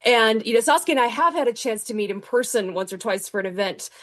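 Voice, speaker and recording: A woman's voice: on the high side, lively intonation, fast, a bit bright. Chatty woman author. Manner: chatty, with frequent fillers and restarts. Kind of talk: reading acknowledgments, then casual interview talk.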